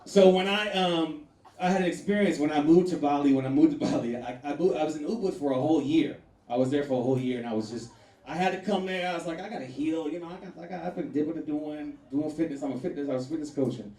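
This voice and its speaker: A man works a comedy room with a loud, animated stand-up delivery, laughing through his punchlines. His voice sits a little high and sounds warm and mellow. It is picked up from a distance in an echoey space with a faint hum behind. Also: fast talker. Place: comedy venue with a live audience.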